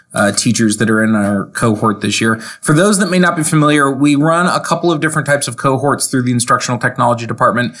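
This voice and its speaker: An enthusiastic man explains his program steadily on a casual podcast, sounding proud of the people he works with. His voice sits at an everyday middle pitch. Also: a bit bright. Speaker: tech coach and co-host.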